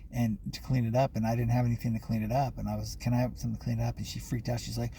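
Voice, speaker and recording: A man rambles on in a personal vlog, his voice gravelly and mid-pitched. He restarts sentences, leans on fillers and swears freely. A faint hiss sits under the recording. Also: little pitch movement, racing, few pauses, dark tone.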